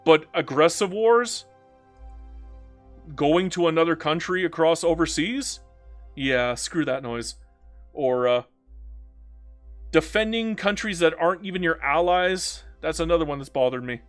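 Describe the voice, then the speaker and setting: Blunt, rambling man from Canada. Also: on the high side. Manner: blunt, rambling, swings from animated to subdued. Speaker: strategy game streamer. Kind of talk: casual live-stream chat reading viewer comments.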